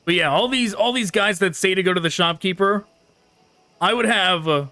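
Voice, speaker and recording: A man's voice: high voice, normal speed, bright, forceful tone, no room sound, soft background music. A man hosting a gaming channel, chatting casually and laughing as he critiques a game while playing it. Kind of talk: casual gameplay commentary.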